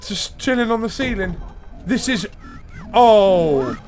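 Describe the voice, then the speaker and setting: Taking things slowly, a gaming video host with a high, animated voice works through a horror game. He curses a lot, startles easily and lets out frantic shouts and gasps over faint game music.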